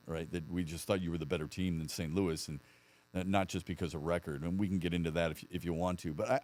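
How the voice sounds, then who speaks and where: A man's voice: deep voice, darkish tone, dry recording. A man co-hosting a podcast who asks long, earnest, rambling questions. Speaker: podcast co-host. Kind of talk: casual interview questions.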